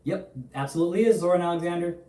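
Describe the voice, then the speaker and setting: Young male streamer, profane and chatty, mellow tone, off-mic in a roomy space. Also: sits high, racing, recorded from a distance. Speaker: livestream host. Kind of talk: casual livestream commentary.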